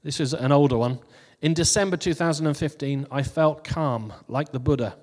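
A man's voice: on the high side, normal speed, a little mellow, long reverb tail. A man giving a casual New Year sermon who reads out funny posts and laughs at his own jokes before turning to scripture. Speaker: preacher.

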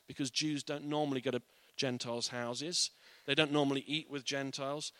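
A man's voice: fairly high pitch, moderate pace, hardly any pauses, fairly bright tone, dry recording. A man giving an informal, earnest Bible teaching in a conversational way.

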